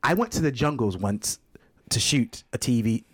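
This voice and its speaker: A man with an English accent, a podcast guest chatting casually and telling animated stories. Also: medium pitch, slightly rough. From England. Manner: animated storytelling, quick and expressive. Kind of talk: casual chat.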